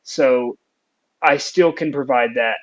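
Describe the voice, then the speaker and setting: A man's voice: mid-range voice, slow, dull audio. A young adult man, a music teacher, talking earnestly and reflectively in a casual podcast chat, with plenty of fillers.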